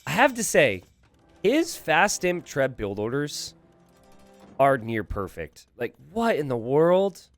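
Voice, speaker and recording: A man casting a live strategy game, thinking aloud with animated asides to his viewers. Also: fairly high pitch, takes it slowly, soft background music. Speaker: game caster.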